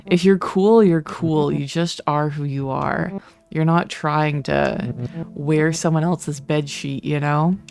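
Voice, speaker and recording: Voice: medium pitch, fairly even intonation, slow, gravelly, darkish tone, faint music behind. A streamer doing a snide, bored ghost. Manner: sarcastic, dismissive.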